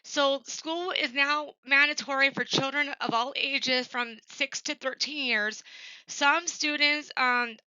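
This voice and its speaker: A woman's voice: sits high, fairly even intonation, slow, bright, forceful tone, dry recording, muffled recording. A woman giving a recorded class presentation for her professor. She talks plainly and earnestly, with frequent ums and uhs. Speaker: student presenting an assignment.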